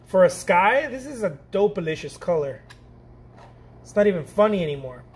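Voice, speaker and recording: A middle-aged man from Mexico teaching painting in a casual, excitable, slangy way, laughing often and repeating himself. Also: sits high, moderate pace, husky. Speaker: painting instructor. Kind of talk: casual chat while painting.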